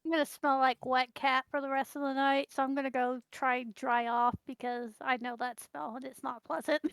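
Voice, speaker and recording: A woman plays a tabletop game in a casual, playful way. Her voice is high and smooth. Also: little pitch movement, moderate pace, fairly bright tone, no room sound. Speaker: player. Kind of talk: casual role-play in character.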